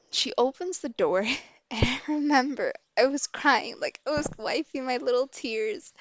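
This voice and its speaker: A young woman streamer telling a personal story, candid and halting, with many restarts. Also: a little high, no room sound, lo-fi sound.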